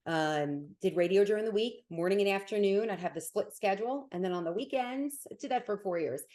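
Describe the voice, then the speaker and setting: Fast-talking woman with a New Jersey accent. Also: medium pitch, lively intonation, a little mellow. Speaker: sports broadcaster guest. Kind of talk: casual interview.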